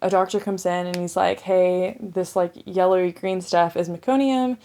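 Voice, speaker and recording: A young woman with a slightly low voice recounts a personal story in a loose, chatty way. She leans on "like" constantly and talks as if reliving each moment. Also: fairly even intonation, normal speed, mellow. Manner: chatty, says "like" often, relives distress. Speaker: vlogger telling her birth story. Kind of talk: casual storytelling to camera.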